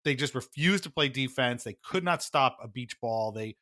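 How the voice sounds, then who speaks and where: A male podcast host chats casually about hockey and laughs easily. His voice is bright and forceful, and his tone is wry. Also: medium pitch, expressive, normal speed. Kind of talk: casual chat.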